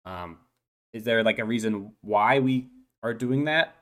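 A man's voice: lowish voice, unhurried, lightly acted. A man doing a shy, stammering dolphin schoolboy. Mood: hesitant, nervous. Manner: hesitant, stammering, full of ums and restarts. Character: eight-year-old male uplifted dolphin schoolboy, shy, rambling. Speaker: player. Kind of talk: tabletop role-play, in character.

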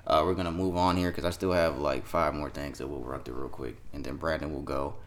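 Very deep-voiced man hosting casual chat. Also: steady tone, a little fast. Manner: loose, profane, laughing banter. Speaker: podcast host.

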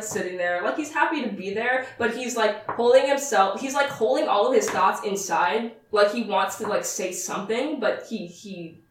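A woman narrating a tabletop game as game master, chatty and rambling. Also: medium pitch. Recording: roomy distant mic, faint noise.

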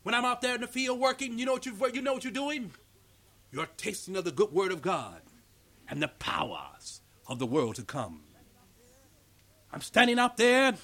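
A male pastor preaches a fervent sermon at a church meeting, calling out to the congregation for responses. His voice sits high for a man and rides a rousing, rhythmic cadence. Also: very animated, normal speed, a bit bright.

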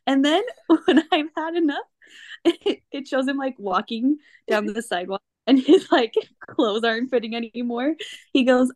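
A woman's voice: high-pitched, darkish tone. A woman hosting a casual podcast chat, giggling often as she retells favorite cartoon scenes and mimics the characters. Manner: giggly, quotes characters in playful voices. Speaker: podcast host.

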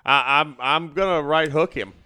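A man's voice: a little high, normal speed, pushed and bright, smooth. A man co-hosting a podcast, chiming in with jokes and profane asides in casual chat. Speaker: podcast co-host.

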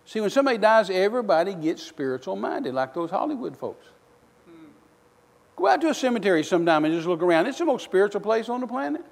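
A male missionary preacher delivering a sermon, telling folksy stories with bursts of loud outrage. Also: high voice, big pitch swings, fast talker, vocal fry, big-room sound.

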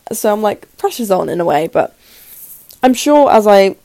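18 yo girl podcasting, sore throat, rambly and nervous, gravelly, dry close sound. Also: medium pitch, big pitch swings, warm tone, no echo. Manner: rambling, nervous, fast, lots of "like". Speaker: podcast host. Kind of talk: casual solo podcast chat. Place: her room in the evening.

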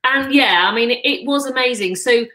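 A middle-aged woman, a mother of three, telling a story as a guest in a casual chat with quick enthusiasm. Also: on the high side, sharp tone, poor audio.

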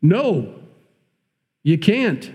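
Recorded with lo-fi sound, a Midwestern pastor preaches in a high, husky, sing-song voice at a very slow pace. He alternates scripture reading with conversational, emphatic commentary.

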